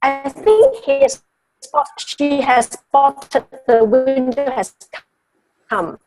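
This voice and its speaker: A woman's voice: sits high, big pitch swings, drawn-out words, loud music behind the voice, poor audio. A woman observer on a video call, giving peer feedback hesitantly and searching for words. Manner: hesitant, searching for words, frequent "you know". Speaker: coaching student observer.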